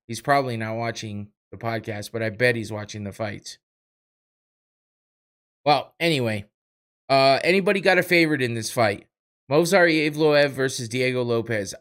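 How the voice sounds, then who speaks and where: With a medium-pitched, slightly bright voice, a young man talks alone on his podcast while a live fight plays. His watch-party commentary is casual and rambling. It's laced with profanity, self-mockery, and plenty of laughter.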